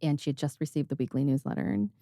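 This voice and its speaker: A woman's voice: sits low, fairly even intonation, very fast, warm tone, dry recording, studio quality. Frank, chatty woman hosting a podcast. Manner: candid, chatty, swears casually; laughs often. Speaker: podcast host. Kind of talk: casual conversational chat.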